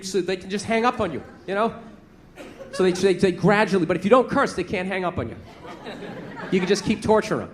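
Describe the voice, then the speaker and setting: A man in his forties doing a loud, profane, exasperated stand-up rant on a theater stage. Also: sits high. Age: 40s. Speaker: stand-up comedian. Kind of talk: stand-up comedy set. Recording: live theater, laughing crowd, noise.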